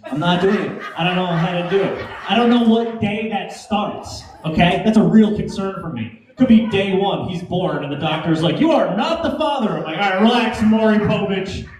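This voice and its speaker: A man's voice: high voice, brisk, few pauses, darkish tone. A man doing a stand-up comedy set, loose and joking, working the crowd with laughing asides. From Greek heritage. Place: comedy club stage. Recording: echoey club with audience.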